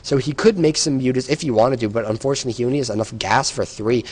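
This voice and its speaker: A man's voice: medium pitch, quick pace, darkish tone, breathy edge. A tired man giving solo play-by-play commentary on a strategy game, explaining the action with some hesitations. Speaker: esports caster.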